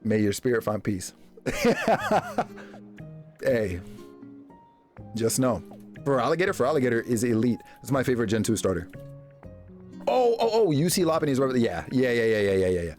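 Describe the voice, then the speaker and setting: A man streaming live, chatting casually with his viewers and reacting to them in a jokey, animated way. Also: fairly quick, long pauses, faint music behind. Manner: animated, jokey, reacting to chat with big pitch jumps and laughs.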